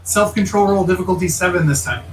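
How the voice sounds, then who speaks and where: Halting high-voiced male game master, recorded far off in an echoey room. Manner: halting, restarts phrases while narrating. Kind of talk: narrating a tabletop game. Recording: echoey room, mic far off, faint noise.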